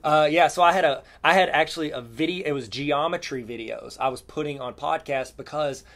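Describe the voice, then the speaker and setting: A man's voice: a little high, fairly quick, a bit bright. A man co-hosting a podcast in casual chat, joking and playing along with bits. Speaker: podcast co-host.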